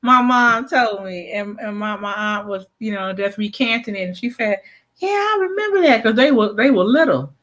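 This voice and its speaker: A woman's voice: mid-range voice, normal speed, few pauses, dull audio. A woman hosting a casual live chat, telling family stories with lots of laughter, putting on relatives' voices and reading out viewer comments. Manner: animated storytelling, laughing often; drops into quoted voices of relatives. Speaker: host.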